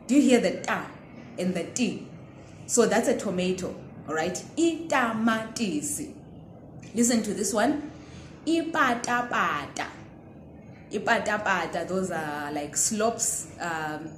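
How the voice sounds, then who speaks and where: With a medium-pitched, slightly mellow voice, this Zimbabwean woman teaches pronunciation, pausing patiently to check in with listeners. The room is echoey, with slight background noise.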